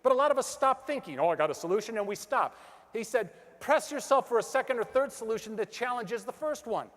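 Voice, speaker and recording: Middle-aged guy doing a motivational speech on stage, pretty high voice, big echoey hall, acts out the quotes. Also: a little fast. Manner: energetic storytelling, acts out quotes, asks the crowd questions. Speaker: motivational speaker. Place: large hall with an audience.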